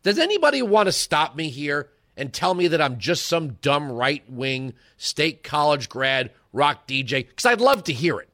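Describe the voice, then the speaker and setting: A man's voice: a little high, very animated, moderate pace, few pauses, fairly bright tone. A man in his forties hosting a political talk radio show, giving an emphatic, rhetorical monologue that moves between lecturing and storytelling.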